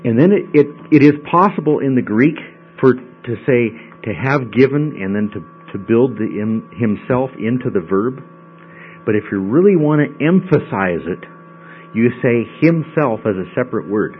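A man's voice: medium pitch, lively intonation, moderate pace. A man teaching a Bible study in a conversational way, often checking in with the class. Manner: conversational, checks in with frequent "okay?". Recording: dull lo-fi recording with mains hum.

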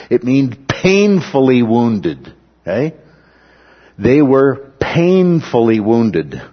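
A man's voice: mid-range voice, slightly rough, dull audio. A man teaching a Bible study class, explaining at length and checking in with the group with a frequent "okay?".

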